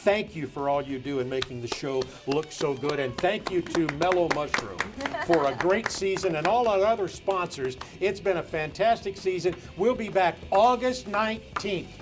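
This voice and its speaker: A jovial man hosts a sports talk show from a studio, his voice sitting a little high. He speaks casually and trades jokes with the people around him. Faint music plays under his voice. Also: animated, normal speed. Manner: jovial, joking.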